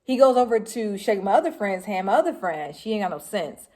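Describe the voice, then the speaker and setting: A woman in her forties from Detroit telling a personal story to camera in a casual, animated way, laughing and breaking into shrieks as she relives it. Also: medium pitch, a little fast. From Detroit, Michigan, US. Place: home room with laundry behind.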